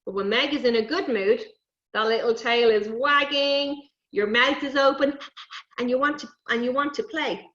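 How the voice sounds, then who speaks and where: A woman presenting a lively lesson on animal safety to young children, coaxing them and talking to toy animals. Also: sits high, moderate pace. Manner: animated, coaxing, talks to puppets and kids. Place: indoors, recorded for an online event. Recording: dull, roomy live stream audio.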